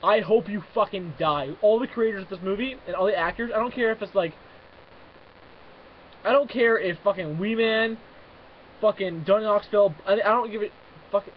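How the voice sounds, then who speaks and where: A young man venting in an angry, profane rant to camera, swinging between loud outbursts and muttering. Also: high voice, normal speed, pauses often, muffled recording, slight background noise. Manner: swears constantly, shifts between fuming shouts and muttering. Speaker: vlogger.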